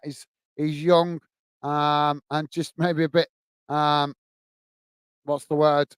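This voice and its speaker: A man hosts a casual live stream and reads viewers' messages aloud, thanking each one by name. His voice sits high and sounds smooth and clear, with a dry, close sound. He calls everyone mate and fills his pauses with uhs. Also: no echo. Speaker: host reading live chat.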